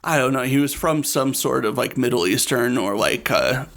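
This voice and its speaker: A young man hosting a casual comedy podcast, telling stories in a relaxed way. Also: medium pitch, moderate pace, creaky. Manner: storytelling, relaxed, laughs often. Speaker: podcast host.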